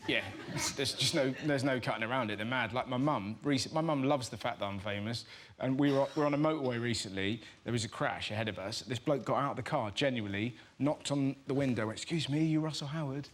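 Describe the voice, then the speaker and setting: A man's voice: medium pitch, fast. An English man in his thirties, a comedian guest telling stories in a chatty, giggly way. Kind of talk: talk show anecdotes. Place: TV studio. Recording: noisy TV studio.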